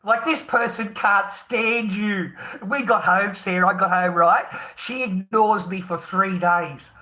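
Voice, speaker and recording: Middle-aged Australian man, high tense voice, swearing rant, bitter scorn. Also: steady tone, unhurried, bright, forceful tone. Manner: profane, heated, scornful, laughs bitterly. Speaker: vlogger. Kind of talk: angry ranting monologue.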